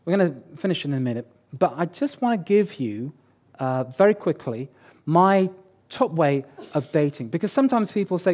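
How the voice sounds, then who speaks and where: A man with a fairly high voice preaches to his church in a relaxed, talky way. He slips in jokes and leans on repeated words to drive his points home. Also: moderate pace. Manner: conversational and joking, repeats key words for emphasis. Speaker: pastor. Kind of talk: sermon.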